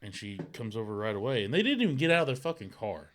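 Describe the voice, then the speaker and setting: A man's voice: fairly low pitch, big pitch swings, fast talker, slight background noise. A man in casual podcast chat, telling a rambling, profane story and laughing often.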